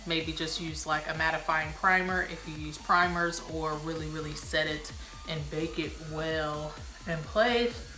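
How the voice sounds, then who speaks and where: A woman's voice: sits low, measured pace, bright, forceful tone, roomy sound, soft background music. A young woman chatting casually in a rambling, self-amused way as a beauty vlogger, a little out of breath. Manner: chatty, rambling, laughs at herself. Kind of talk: casual vlog chat.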